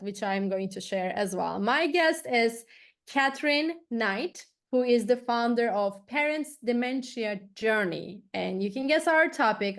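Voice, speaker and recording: Podcast host lady, earnest and emphatic, kinda high voice. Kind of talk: podcast interview.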